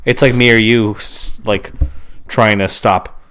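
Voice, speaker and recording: A man's voice: lowish voice, fairly even intonation, slow pace, a bit bright, clear, resonant tone. A man co-hosting a podcast in casual chat, rambling and stringing his thoughts together with "like" and "right?". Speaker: podcast co-host.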